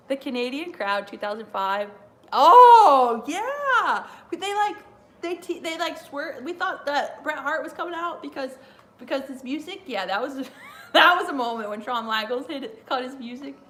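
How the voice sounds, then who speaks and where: A woman's voice: high-pitched, lively intonation, moderate pace, bright, forceful tone. A woman hosting a casual wrestling watch-along, chatting in a rambling way and laughing often. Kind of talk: casual live reaction chat.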